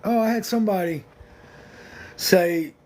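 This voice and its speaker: A man's voice: high-pitched, measured pace, a little mellow. A man hosting a casual livestream, talking to viewers in a blunt, rambling, joking way. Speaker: livestream host.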